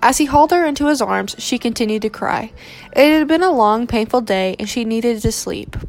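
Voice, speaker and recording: A woman reading a romance novel aloud in steady, measured narration. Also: on the high side, soft background music.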